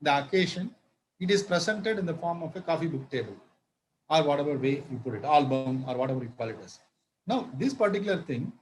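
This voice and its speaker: Man, law lecture, fairly high voice, halting with fillers, faint background hiss. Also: low-quality recording. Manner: halting, many fillers and restarts, spells words out.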